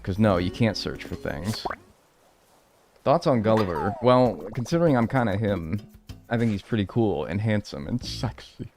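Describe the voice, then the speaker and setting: A man with a low voice that swings widely in pitch commentates his gameplay on a live stream. He jokes, curses loosely, and banters with his chat as he plays. Faint music plays underneath. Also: animated, normal speed. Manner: casual, profane, joking; talks to chat and thanks subscribers. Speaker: game streamer.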